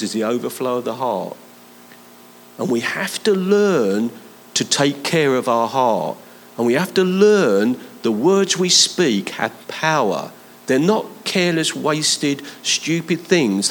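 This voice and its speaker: A man preaching a sermon in a church, building emphasis through repeated phrases and slowing down to stress his key points. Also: mid-range voice, slight background noise, low-quality recording.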